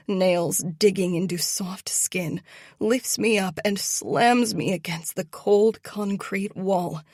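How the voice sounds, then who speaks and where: A woman narrating a first-person romance audiobook in a slow, hushed, tense manner. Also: fairly low pitch, breathy edge, no room sound, studio quality.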